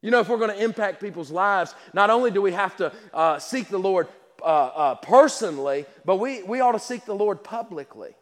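A man's voice: sits high, expressive, brisk. A man preaching a sermon with passion, repeating words and restarting his sentences. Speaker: pastor. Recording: long hall reverb.

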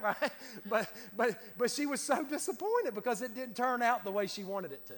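A man preaches with a high, bright-pitched voice, trading homey jokes and stumbling repeats as he builds toward his point. His words ring out with a long tail of reverb from a church sanctuary. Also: expressive, brisk. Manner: folksy, joking storytelling with repeated words. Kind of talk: sermon.

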